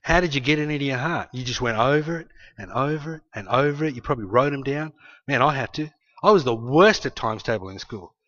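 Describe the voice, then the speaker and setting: A man preaching a sermon in an emphatic storytelling manner, tossing in "hey" asides and swinging from loud to quiet. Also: mid-range voice, lively intonation, fast. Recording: dull lo-fi sound.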